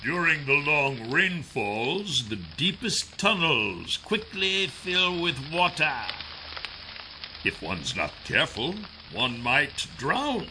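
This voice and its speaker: A man voicing a cold, sneering male villain in an audiobook, drawing out his taunts slowly. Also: a little high, very animated, sharp tone, slight background noise, voice pushed up, full character voice. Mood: menacing. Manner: slow, drawn-out, taunting delivery. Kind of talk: audiobook character voice.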